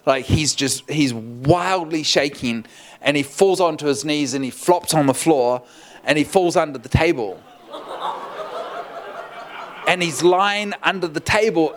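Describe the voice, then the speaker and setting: Guy pastor telling a story from the pulpit, laughing a lot, bit higher voice. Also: normal speed. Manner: animated, laughing often, acts out quotes. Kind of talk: storytelling sermon.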